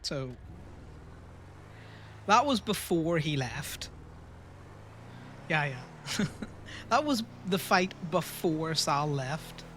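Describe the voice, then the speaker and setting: A man's voice: on the high side, lively intonation, very slow, pauses often, a bit bright, slight background noise. A young man casually rambling through a story while livestreaming a game, laughing and swearing freely. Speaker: streamer.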